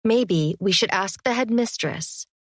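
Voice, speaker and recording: A woman's voice: mid-range voice, a little slow, no room sound, natural voice. Woman doing a bold young witch student, teasing, cool, dry audiobook sound. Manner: cool and cheeky.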